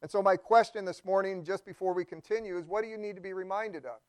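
A man's voice: high voice, fast talker, clear, resonant tone, dry recording. A man preaching a sermon as a pastor, talking through a Bible story in a conversational way and often repeating words as he thinks aloud.

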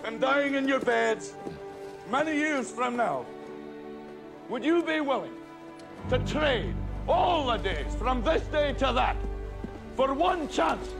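An actor playing a rebel leader rallying an army, in a rousing manner that builds to shouts. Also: male voice, very high voice, animated, takes it slowly, vocal fry, long pauses, heavily acted. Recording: film clip with score and hoofbeats. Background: film music and horses.

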